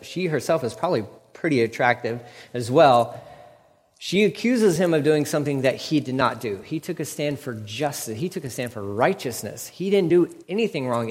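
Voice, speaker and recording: A man preaching a sermon in an animated way, acting out the biblical figures with quick quips. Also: medium pitch. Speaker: pastor. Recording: long hall reverb.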